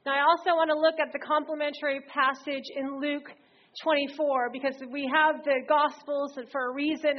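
A woman preaching a sermon, telling stories in a lively way and reading scripture aloud with emphasis. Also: high-pitched. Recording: slightly dull recording.

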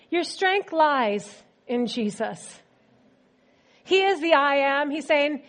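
A woman preacher giving a sermon in a conversational, animated storytelling manner. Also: sits high, measured pace.

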